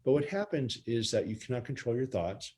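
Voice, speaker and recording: A man's voice: medium pitch, sing-song, brisk, darkish tone. A spine surgeon explaining his methods in earnest conversation.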